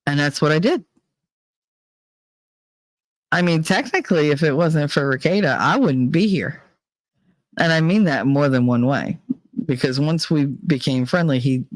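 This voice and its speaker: A man's voice: a little high, animated, unhurried, long pauses, no room sound. Profane rambling man from New Jersey, dry sound. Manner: rambling, profane, confessional, mimics others in raised voice. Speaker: channel host. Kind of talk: candid personal monologue to viewers.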